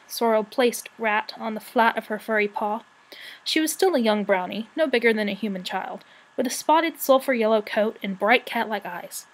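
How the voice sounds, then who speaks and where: A woman reads a storybook aloud, her voice a touch higher than most. Her telling is expressive and steady. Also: normal speed, poor audio. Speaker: audiobook reader. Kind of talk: reading a novel aloud.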